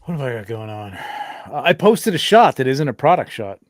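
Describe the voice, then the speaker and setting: A man's voice: medium pitch, very animated, moderate pace, no echo, studio quality. A man co-hosting a casual chat, mumbling and self-deprecating, often trailing off. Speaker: regular co-host.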